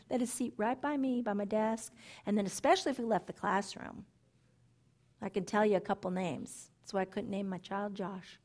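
A middle-aged women's ministry speaker delivers sermon-style Bible teaching to a female audience. She's animated and emphatic, repeats phrases, and slips into soft asides, speaking briskly at a medium pitch.

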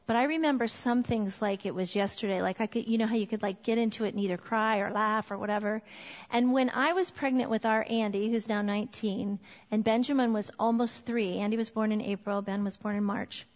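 A woman's voice: medium pitch, normal speed. A woman in her forties giving a church talk on parenting, chatty and full of fillers. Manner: warm, chatty, laughs often, many fillers. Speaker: women's ministry speaker. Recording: long hall reverb.

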